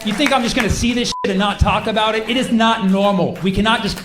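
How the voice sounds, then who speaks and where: A man's voice: high voice, fairly even intonation, fast, reverberant. A male stand-up comedian ranting emphatically and swearing often, recorded on a handheld mic on a club stage. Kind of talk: stand-up routine. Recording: noisy live club with audience.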